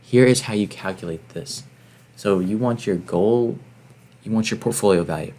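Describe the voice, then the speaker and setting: Low-voiced male vlogger, motivational, explains the math step by step. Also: normal speed, warm tone. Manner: motivational, walks through calculations step by step. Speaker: finance channel host. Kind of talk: explaining to camera.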